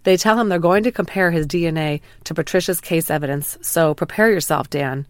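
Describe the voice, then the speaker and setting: Low-voiced woman narrating true crime. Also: dry recording. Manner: calm, measured retelling of an interrogation, quoting lines plainly. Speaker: true crime podcast host. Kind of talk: scripted narration.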